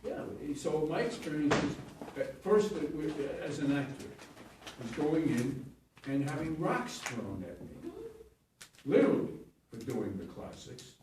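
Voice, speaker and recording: Older man telling lively rambling anecdotes. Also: fairly high pitch, measured pace, a little hiss or hum. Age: 70s. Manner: rambling, chuckling, self-correcting. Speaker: stage actor and acting teacher. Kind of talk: anecdotal interview storytelling. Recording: echoey room, distant mic.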